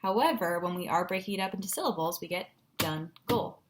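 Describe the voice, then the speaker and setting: A woman's voice: mid-range voice, lively intonation, quick pace, slight background noise. A woman teacher giving a patient, encouraging phonics lesson at a whiteboard, sounding out syllables.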